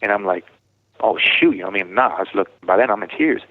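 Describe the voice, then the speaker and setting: A man's voice: fairly low pitch, very fast, noisy background. A middle-aged man telling his own story in casual speech. He rambles, corrects himself and acts out what others said. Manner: rambling, self-correcting, retells dialogue. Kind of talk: personal account in casual talk. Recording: tinny phone line.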